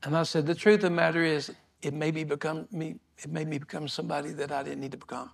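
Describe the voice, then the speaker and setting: An older male pastor preaching a sermon, telling a folksy story in a relaxed, repetitive way with chuckles. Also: a little high, quick pace, gravelly, slightly rough.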